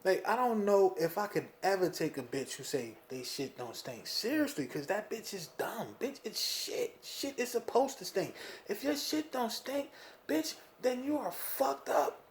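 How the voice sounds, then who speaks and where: A young man from New Jersey venting about being a father in a casual monologue, animated, with lots of "you know what I mean". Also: moderate pace, a little hiss or hum. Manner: animated, swings loud and high when worked up, frequent "you know what I mean". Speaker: vlogger talking about fatherhood.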